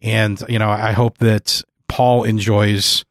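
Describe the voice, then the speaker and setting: A man's voice: lowish voice, flat delivery, takes it slowly, dry recording, clean studio sound. A male podcast host talking in an earnest, rambling way, full of fillers. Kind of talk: casual chat. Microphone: studio mic.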